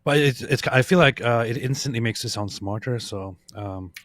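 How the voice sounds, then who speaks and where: A man's voice: mid-range voice, moderate pace, a bit bright. A man joining a livestream as a guest, chatting in a playful, teasing way. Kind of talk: casual livestream chat.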